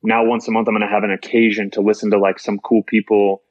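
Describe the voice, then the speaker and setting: A man's voice: fairly low pitch, little pitch movement, fast talker, dry recording, lo-fi sound. A man talking as a podcast guest in loose, rambling chat, swearing freely and filling with "like". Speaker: musician guest.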